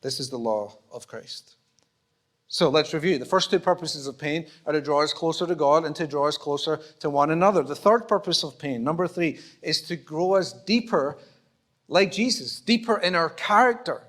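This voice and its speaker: A man's voice: fairly high pitch, normal speed, a bit bright. A pastor from Scotland with a Scottish accent, preaching in a conversational way, acting out little exchanges and joking at his own expense. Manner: conversational, acts out small dialogues, self-deprecating humour. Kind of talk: sermon. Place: church auditorium.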